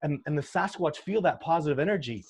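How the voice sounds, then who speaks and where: A man's voice: a little high, animated, quick pace, gravelly, darkish tone, husky. A man being interviewed as a sasquatch researcher, talking earnestly and emotionally, with frequent restarts as he tells his stories. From Canada. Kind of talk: casual interview talk.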